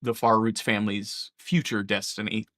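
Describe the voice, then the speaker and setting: A man voicing a grave matriarch who gives quietly urgent orders in a tabletop role-play. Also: lowish voice, flat delivery, normal speed, no echo, close to an everyday voice. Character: grave matriarch leader, mother of a household.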